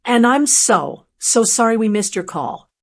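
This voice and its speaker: Woman reading a rambling anxious son. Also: lively intonation. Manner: fast, pleading, higher than her own voice.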